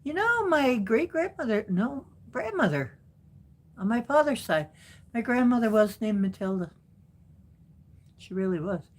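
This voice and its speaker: A woman hosts a casual live stream, unhurriedly chatting with viewers, answering their comments and laughing often. Her voice is fairly high and very animated.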